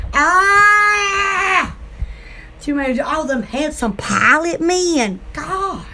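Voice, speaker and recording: A woman's voice: high voice, animated, slow, heavy background noise. A woman hosting her own channel, rambling playfully and giggling as she acts out silly scenes. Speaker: channel host.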